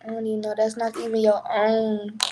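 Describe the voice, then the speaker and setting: Laid-back woman, fairly high voice. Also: monotone, fairly quick, warm tone, rough recording. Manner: laid-back, loose slangy talk. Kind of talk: casual livestream chat.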